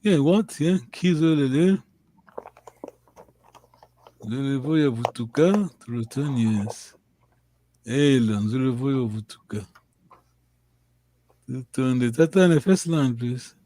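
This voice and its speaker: A man teaching a language lesson, giving slow, patient and encouraging drills. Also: mid-range voice, warm tone.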